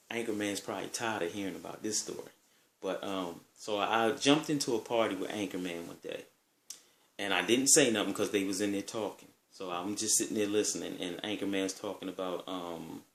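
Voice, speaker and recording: Laid-back man telling stories, echoey room. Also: lowish voice. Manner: laid-back, profane, rambling. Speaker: vlogger. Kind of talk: casual storytelling.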